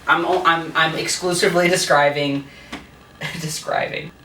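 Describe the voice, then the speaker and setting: A man's voice: a little high, steady tone, a little slow, reverberant, distant mic, noisy background. A tipsy man rambling through a crude, laughing comic retelling of a play. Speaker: host.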